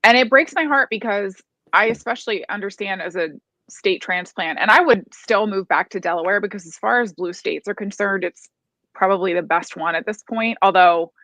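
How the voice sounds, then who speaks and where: A woman's voice: medium pitch, normal speed, pushed and bright, no room sound, poor audio. A woman from the US East Coast chatting as a panel guest, rambling with restarts. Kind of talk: casual panel chat.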